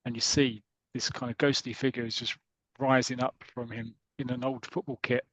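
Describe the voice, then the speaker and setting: A man's voice: medium pitch, level tone, moderate pace, no room sound. A man hosting a comics podcast, retelling a story in a chatty way with frequent restarts and reading passages aloud. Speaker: podcast host.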